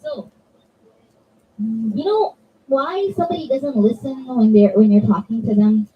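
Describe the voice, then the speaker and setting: A woman's voice: fairly high pitch, measured pace, recorded from a distance, muffled recording. A woman giving an interactive religious talk to children, acting out her examples. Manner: animated, acts out examples in voices. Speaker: children's religious class speaker. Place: religious center hall.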